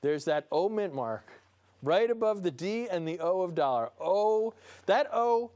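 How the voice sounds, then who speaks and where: A man's voice: sits high, expressive, measured pace, darkish tone. A man with a New Jersey accent hosts a live broadcast auction, calling bids in a playful, enthusiastic way and chuckling between calls. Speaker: auctioneer and show host. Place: studio room with a small audience.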